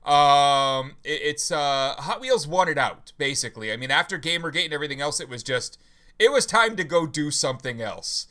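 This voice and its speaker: Bright-voiced man hosting a livestream. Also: fairly high pitch, moderate pace. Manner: relaxed, rambling with many fillers. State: sleepy, yawning. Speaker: host. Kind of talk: casual livestream chat.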